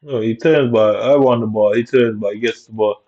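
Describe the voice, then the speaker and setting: A man's voice: fairly low pitch, fairly even intonation, moderate pace, dark tone. Aggrieved man ranting over gameplay. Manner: aggrieved, muttering, heavy slang. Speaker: gamer commentating his own play. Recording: dull lo-fi recording.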